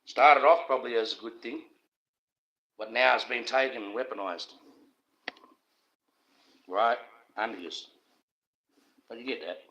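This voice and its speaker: A man's voice: mid-range voice, unhurried, pauses often, sharp tone, muffled recording. A middle-aged Australian man talking on his own livestream, rambling in an aggrieved, conspiratorial way and speaking straight to his viewers. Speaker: livestream host.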